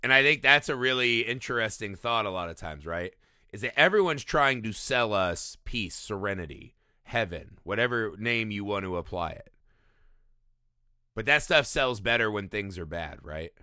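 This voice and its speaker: A man co-hosting a podcast, chatting casually about a film, animated and profane, laughing often. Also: on the low side, moderate pace, clean tone, no room sound, clean studio sound. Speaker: podcast co-host.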